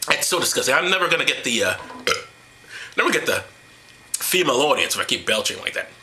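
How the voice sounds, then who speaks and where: Sarcastic guy mocking bible verses, bright edgy voice, pitch all over the place. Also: big pitch swings, a little fast. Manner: mocking, irreverent, with exaggerated sighs and hums. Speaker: host of an atheist commentary series. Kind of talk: sarcastic solo commentary on scripture.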